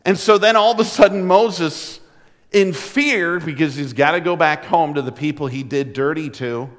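A man's voice: high voice, a bit bright. Earnest male pastor in a big church hall. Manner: direct, earnest, conversational preaching. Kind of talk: sermon.

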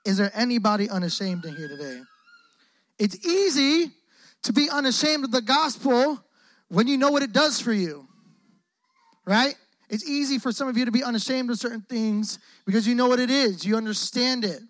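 A young man preaching a lively call-and-response sermon in a church hall, joking often and using lots of casual slang. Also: very high voice, normal speed. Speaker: guest preacher. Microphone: close microphone on the speaker.

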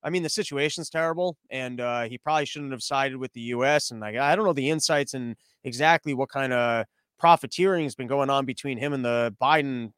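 A man hosting a casual podcast monologue, rambling, profane and animated. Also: medium pitch, brisk, smooth, dry recording. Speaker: podcast host.

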